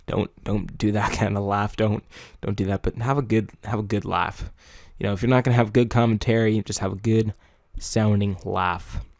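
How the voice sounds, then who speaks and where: Young man, low-pitched voice, rambling casual chat, dry close sound, mumbles then jumps into loud high bursts. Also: no echo. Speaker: YouTuber giving video tips.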